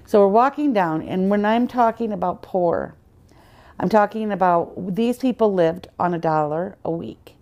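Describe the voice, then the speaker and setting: A woman's voice: medium pitch, a little slow, darkish tone, muffled recording. Earnest woman sharing a faith testimony. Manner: earnest storytelling, acts out quoted dialogue. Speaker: podcast guest. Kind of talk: personal faith testimony in conversation.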